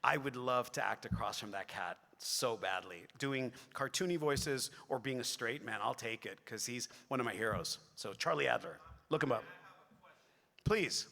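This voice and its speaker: Middle-aged man, forceful bright voice, rambling excitable storyteller, long hall reverb. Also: medium pitch, moderate pace, creaky. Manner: rambling and excitable, with many restarts and asides to the audience. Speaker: voice actor guest on a convention panel. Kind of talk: animated storytelling on a convention stage. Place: large convention hall.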